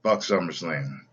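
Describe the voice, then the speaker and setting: A man's voice: low voice, slightly rough. A man hosting a casual livestream, answering chat comments bluntly, swearing and laughing often. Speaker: livestream host. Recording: dull lo-fi livestream audio.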